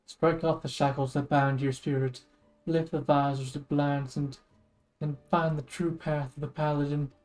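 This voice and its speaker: A woman's voice: deep voice, steady tone, normal speed, a little mellow, faint music behind, voice pushed down, natural voice, poor audio. A woman voicing an older male paladin mentor in a put-on Southern US accent, speaking solemnly as she reads game dialogue. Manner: solemn, advising.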